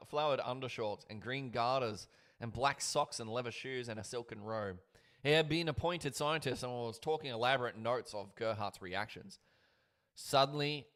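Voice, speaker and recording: A man reading a book aloud on a livestream with his own commentary, dramatic and swinging between murmured and loud lines. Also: mid-range voice.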